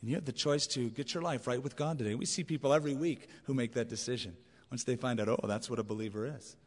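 A man's voice: medium pitch, fast. A man preaching a sermon as a pastor, in a conversational, emphatic way with anecdotes. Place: large church auditorium. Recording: long reverb of a large hall.

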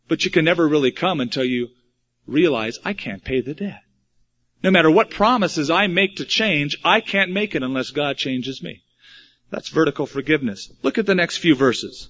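A man's voice: on the high side, moderate pace, a bit bright. Preaching man, lo-fi recording. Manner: expository preaching with wry asides. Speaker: pastor. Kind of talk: sermon. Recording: dull lo-fi recording.

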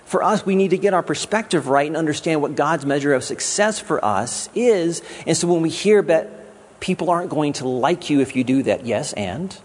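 A man's voice: fairly high pitch, animated, normal speed, slightly rough. A man giving a sermon as a guest pastor, in a conversational way with jokes. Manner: conversational preaching with jokes and acted quotes.

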